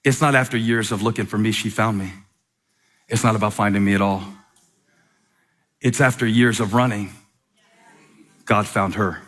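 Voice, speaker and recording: A man preaching a sermon in a church, reading a letter aloud with dramatic pauses and repetition. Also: fairly low pitch, steady tone, a bit bright. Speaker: pastor. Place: church sanctuary.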